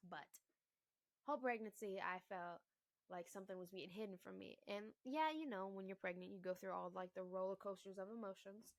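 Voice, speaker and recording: Young woman, mid-pitched, profane, blunt, emphatic outbursts, dry close recording. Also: fairly quick, dry recording. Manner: swears heavily, loud emphatic bursts, frequent asides. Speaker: mother and vlogger. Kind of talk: blunt, profane relationship rant to camera.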